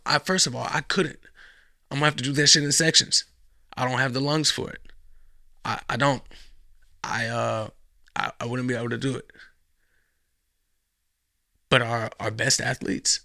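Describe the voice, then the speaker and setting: A man's voice: mid-range voice, moderate pace, gravelly, sharp tone, no room sound, clean studio sound. A man hosting a podcast, rambling casually through a profane monologue with sarcastic asides. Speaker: podcast host.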